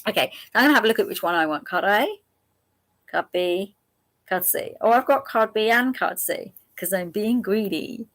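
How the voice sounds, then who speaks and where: Chatty woman reading angel cards. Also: medium pitch. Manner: warm, chatty, laughs often, speaks directly to viewers; repeats options slowly and gently. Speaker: angel card reader hosting a live stream. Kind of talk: chatty live card reading.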